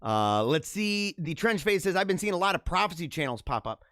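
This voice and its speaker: A man hosting a livestream, chatting casually and answering viewer comments in an animated, talkative way. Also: high voice, brisk, dry recording, clean studio sound. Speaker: livestream host.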